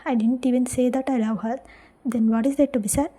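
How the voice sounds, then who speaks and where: A woman reading a stubborn young man, breathy. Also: a little high, steady tone, a little fast. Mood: defensive. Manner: soft breathy near-whisper.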